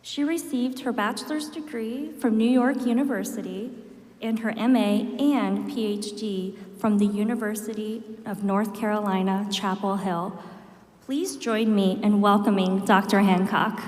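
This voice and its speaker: A woman's voice: mid-range voice, fairly even intonation, unhurried, a little mellow. A woman emcee reading a formal introduction of a speaker in a church sanctuary. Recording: echoey hall with long reverb.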